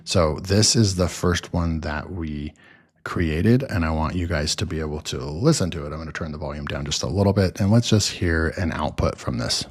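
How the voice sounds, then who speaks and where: A man with a notably low, deep voice talks viewers through a software tutorial. He rambles loosely and is full of fillers and restarts as he clicks through the screens. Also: moderate pace, breathy edge. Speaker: software reviewer. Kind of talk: casual screen-recording tutorial.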